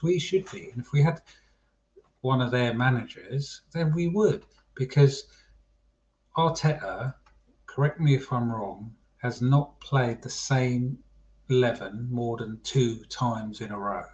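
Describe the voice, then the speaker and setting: A man hosting a casual football chat livestream, chatty and calling his viewers mate. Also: mid-range voice. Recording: dull lo-fi stream audio.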